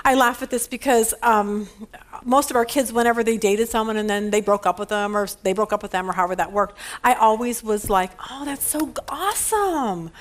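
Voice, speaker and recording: A woman's voice: mid-range voice, steady tone, a little fast. A woman in her fifties teaching a women's Bible study in a chatty way, telling stories and laughing often.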